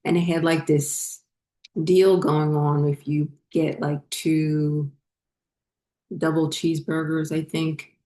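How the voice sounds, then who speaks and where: A woman telling a personal story in a rambling, halting way, full of fillers and restarts, as a spiritual vlogger. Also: low-pitched, little pitch movement, mellow.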